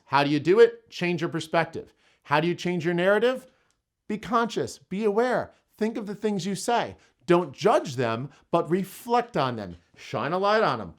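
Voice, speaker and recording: A man giving an emphatic motivational self-help talk, repeating phrases for effect. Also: a little high. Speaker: motivational speaker.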